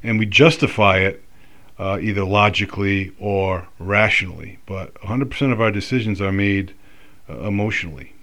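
A man's voice: fairly low pitch, moderate pace, fairly bright tone. A man talking casually in a rambling, reflective monologue, full of fillers and restarts.

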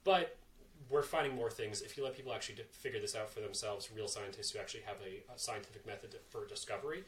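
A man's voice: on the low side, quick pace, distant mic, a little hiss or hum. A man co-hosting a casual podcast, blunt and swearing often. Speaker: podcast co-host. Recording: echoey room from off the mic.

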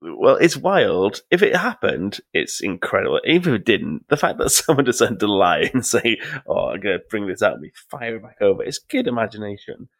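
Gravelly, lively-voiced male co-host. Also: fairly low pitch, a little fast, no echo. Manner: jokey, laughs often, swears freely. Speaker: podcast co-host. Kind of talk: casual comedic chat.

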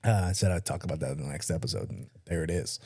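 A man's voice: very deep voice, fast, gravelly, warm tone, husky, dry recording. A man in his thirties tells a story on a podcast in loose, casual talk. He swears freely and acts out the people he quotes. The recording is dry and close to the mic. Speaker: podcast co-host.

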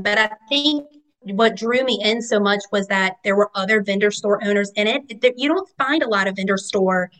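A woman's voice: mid-range voice, a bit bright, low-quality recording. Woman shop owner chatting on a podcast, rambly, lots of "you know"s. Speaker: guest, vendor market owner. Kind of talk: casual interview chat.

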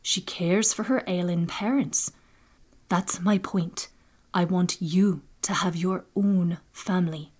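Hushed worried granny, read by a woman, storybook, slow talker. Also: fairly low pitch. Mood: tender. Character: older woman storykeeper, caring grandmother, worried.

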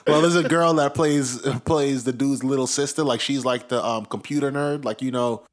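A man in loose conversation, talking around his point with plenty of restarts and swearing. He laughs easily and keeps the tone relaxed and offhand. His pitch sits in an ordinary middle range. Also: normal speed. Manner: rambling, profane, laughs often. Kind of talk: casual chat.

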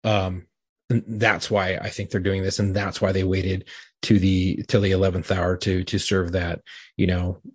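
A man's voice: low-pitched, flat delivery, moderate pace, a little mellow, breathy edge, no room sound. A man in a casual political chat, rambling with many fillers.

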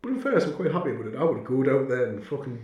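A man's voice: medium pitch, very animated, very fast, dull audio. A young man and podcast co-host telling a story in casual, blunt, swear-heavy chat. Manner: crude, blunt, swears a lot. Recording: echoey room.

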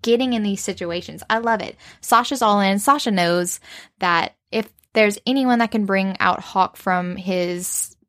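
A woman's voice: mid-range voice, unhurried, a bit bright. Enthusiastic woman gushing over a book. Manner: enthusiastic, gushing about characters. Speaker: book podcast co-host. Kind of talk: casual book discussion.

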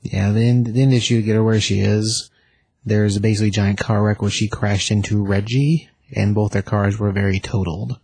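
A man's voice: fairly low pitch, fairly even intonation, brisk, gravelly, mellow, breathy edge, no echo. A man co-hosting a podcast, adding casual asides and background to a comic discussion. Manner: chiming in with short asides. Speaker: podcast co-host. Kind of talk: casual comic book chat.

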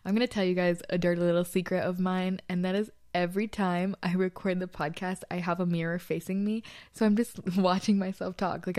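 A young woman hosts a casual solo podcast from a small bedroom, her voice low-ish with a darkish tone. She's chatty and confessional, dropping plenty of "like" fillers.

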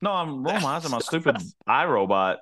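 A man co-hosting a podcast in casual, excitable, self-deprecating banter. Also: a little high, quick pace, no echo. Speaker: podcast co-host. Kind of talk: casual chat.

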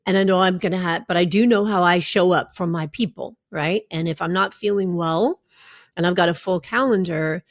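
A woman's voice: on the low side, moderate pace, dry recording, studio quality. A middle-aged woman health coach talking candidly and conversationally, with asides to her listeners. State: recovering from a draining treatment. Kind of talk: casual personal talk to followers.

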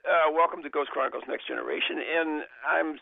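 A man's voice: on the high side, steady tone, brisk, creaky, no echo. A male radio host in casual talk, eager and often stumbling over his words as he welcomes guests. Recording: phone-like lo-fi radio sound.

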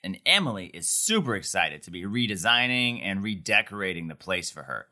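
A man's voice: sits low, very animated, a little fast, sharp tone. A man co-hosting a podcast, recapping a TV episode in casual, wry, joking chat.

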